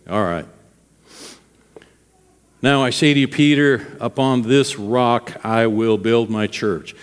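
A male pastor preaches a sermon in a loose, conversational way, often pausing to ask the congregation whether they follow. His voice sits at an ordinary middle pitch. A long reverb trails behind his words, as in a large sanctuary.

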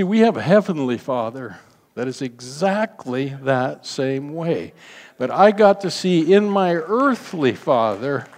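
A man's voice: medium pitch, a little mellow. Older male pastor, earnest testimony-style sermon, hall reverb. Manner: earnest storytelling, slows for emphasis, acts out quoted voices.

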